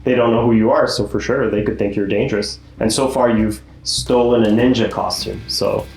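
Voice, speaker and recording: A man's voice: fairly low pitch, steady tone, moderate pace, vocal fry, a little mellow, a little hiss or hum. A man narrating as game master of a tabletop game, easygoing, laughing often and explaining the rules patiently. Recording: echoey room with faint music.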